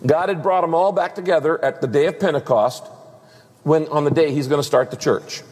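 A man preaching a sermon in a slightly husky, fairly high voice. He talks in an animated way and acts out the people he quotes. A long reverb from the large hall trails after his words. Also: fairly quick. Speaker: pastor.

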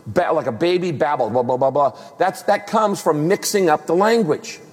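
Male pastor, animated sermon delivery, slightly raised pitch, big reverberant hall. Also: moderate pace, slightly rough. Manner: animated preaching, acts out quoted voices.

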